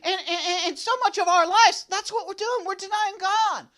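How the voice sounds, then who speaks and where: A man's voice: extremely high pitch, fairly even intonation, moderate pace, sharp tone. A man playing a boastful, goofy young slacker in a comedic devotional monologue, rambling and repeating himself to grab attention. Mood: brash. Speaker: devotional speaker.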